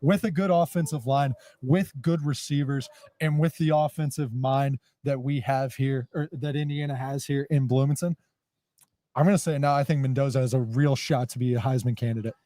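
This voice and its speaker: A man's voice: mid-range voice, fairly even intonation, normal speed, warm tone, no echo. A young man hosting a college football talk show, making emphatic, upbeat points. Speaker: sports show host. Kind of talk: sports analysis chat.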